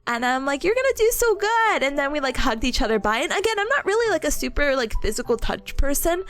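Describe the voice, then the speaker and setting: A young woman streamer chatting casually with her viewers, telling stories in a bubbly, giggly way and acting out excited quotes. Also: sits high, quick pace.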